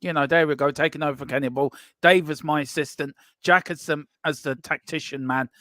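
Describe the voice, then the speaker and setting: A man's voice: on the high side, steady tone, a little fast, bright, forceful tone, no echo, clean studio sound. An Irish man co-hosting a fan show, joking around in a playful, casual way. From Ireland. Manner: jokey, playful. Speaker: co-host. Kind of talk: casual chat.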